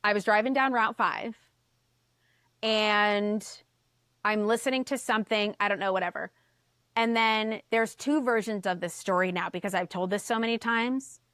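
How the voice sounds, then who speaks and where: A woman guest on a podcast, telling a story in casual chat, animated, swearing and acting out the voices she quotes. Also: medium pitch, normal speed, no echo, studio quality.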